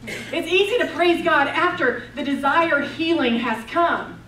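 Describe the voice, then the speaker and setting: A woman preaching a sermon at a retreat, telling the story with passion and swinging between loud declarations and hushed, intense moments. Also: sits high, expressive, a little slow, a little hiss or hum. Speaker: women's retreat speaker. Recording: roomy, distant mic, faint ambience.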